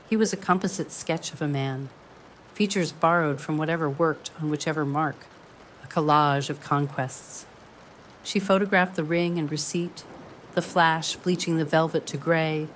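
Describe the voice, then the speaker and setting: A woman reading a dramatic story in a measured, ornate storytelling manner. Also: deep voice, slight background noise. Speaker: narrator. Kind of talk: scripted drama narration.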